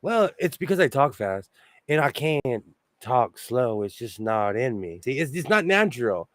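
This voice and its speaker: A man hosting a sewing livestream, chatting casually and quickly while he works, talking out of the sides of his mouth. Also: medium pitch, no echo. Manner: fast-talking, animated, self-deprecating.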